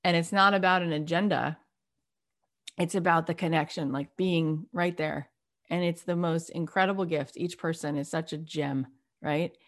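A middle-aged woman telling a story in an animated, emphatic way in a casual conversation. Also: low voice, normal speed. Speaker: podcast host and guest.

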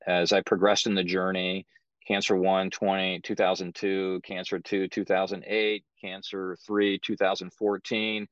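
A middle-aged man speaking as a podcast guest, telling his story in a measured, matter-of-fact way. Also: low-pitched, no echo, muffled recording. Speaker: guest, author. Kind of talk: podcast interview.

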